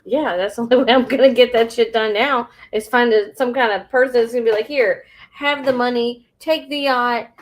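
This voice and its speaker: A woman co-hosting a casual chat, blunt, teasing and expressive. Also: a little high, moderate pace, hardly any pauses. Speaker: co-host.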